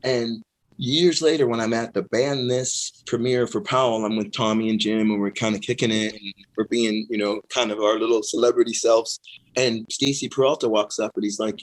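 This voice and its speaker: A middle-aged man, a guest on an interview show, telling stories in a relaxed way, laughing often and acting out what others said. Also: on the low side, normal speed, poor audio. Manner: animated, laughing storyteller who acts out quoted voices. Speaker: guest, pro skateboarder and musician. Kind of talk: casual interview storytelling.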